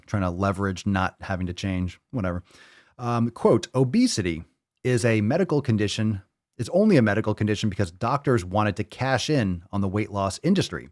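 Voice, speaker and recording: A man's voice: lowish voice, no room sound, clean studio sound. A man hosting a podcast in casual chat, reading posts aloud and rebutting them in a blunt, profane, mocking way. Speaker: podcast host.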